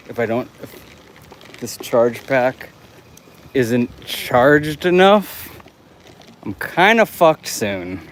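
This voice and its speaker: A man's voice: on the low side, a little hiss or hum. Rambling man streaming on a night walk. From United States. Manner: rambling, swears often, laughs between thoughts. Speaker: live streamer. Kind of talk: casual walking livestream chat. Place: city streets outdoors at night.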